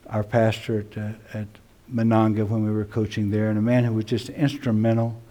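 A male pastor preaching a sermon to his congregation, swinging from loud emphasis to hushed, near-whispered lines. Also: lowish voice. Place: church sanctuary.

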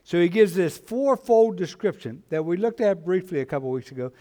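A man preaching a sermon in church, slow and emphatic, repeating his phrases for weight. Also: high voice, animated, dark tone. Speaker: pastor.

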